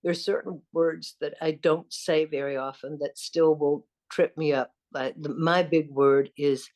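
An older actress from the American South with a faint Southern accent, telling rambling stories with frequent laughter in an interview. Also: female voice, sits low, fairly even intonation, measured pace. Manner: warm, rambling, self-deprecating, laughs often. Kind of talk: casual storytelling interview.

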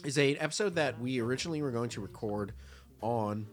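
A man's voice: mid-range voice, brisk, soft background music. A young man co-hosting a podcast, ranting in mock outrage and swearing through casual, tipsy banter. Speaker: podcast co-host.

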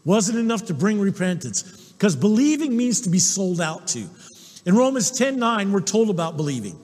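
In a large hall, a male pastor with a high voice preaches a sermon emphatically. He repeatedly calls out "Amen?" to the congregation in a call-and-response style, the setting being a church sanctuary.

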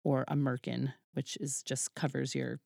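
Lively woman telling a story, laughing. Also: a bass voice, normal speed, gravelly, no room sound, studio quality. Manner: animated, laughs often, acts out quoted dialogue. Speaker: podcast guest, burlesque troupe founder. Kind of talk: casual interview storytelling.

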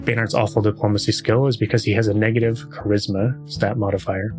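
Music plays in the background while this fast-talking podcast host, steady in tone and lowish in pitch, serves as game master. His relaxed delivery is sprinkled with filler sounds as he moves between casual conversation and tabletop narration.

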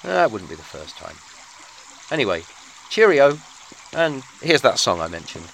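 Sardonic man, lively delivery. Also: medium pitch, unhurried, vocal fry, a little hiss or hum. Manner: dry, sarcastic, theatrical. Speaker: podcast host. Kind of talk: scripted sardonic monologue.

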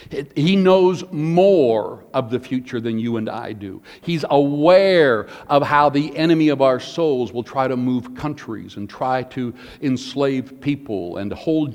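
A man's voice: medium pitch, darkish tone. A man preaching a sermon as pastor, emphatic and varied, asking rhetorical questions of the congregation. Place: church. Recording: long hall reverb.

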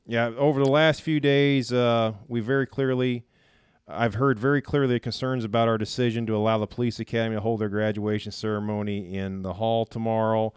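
A man's voice: mid-range voice, steady tone, a little fast, clean tone, dry recording, studio quality. A man hosting a podcast, reading a news story aloud and mocking it in casual talk. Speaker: podcast host.

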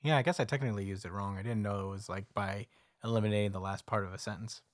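A man with a fairly low voice trades casual, self-mocking banter on a podcast. He laughs easily and jokes at his own expense. The sound is dry and close-miked. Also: steady tone, fast talker, no echo. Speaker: podcast co-host. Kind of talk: casual chat.

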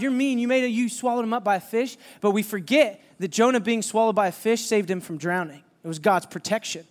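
A young man preaching to a youth group, telling a story with jokes and lots of energy. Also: high voice. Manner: animated, jokey storytelling. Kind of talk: storytelling sermon. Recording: hall reverb.

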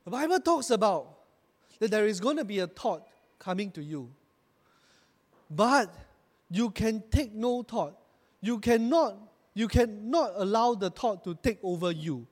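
A high-voiced pastor delivers an animated, unhurried sermon, his words climbing in emphatic bursts as he has the congregation repeat lines back to him. A long reverb fills the recording, like a church hall.

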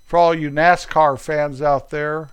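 A man's voice: fairly high pitch, flat delivery, a little slow, smooth. A middle-aged man with an American accent, delivering a playful, goofy comedic monologue and poking fun at himself. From United States. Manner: playful, goofy, self-mocking.

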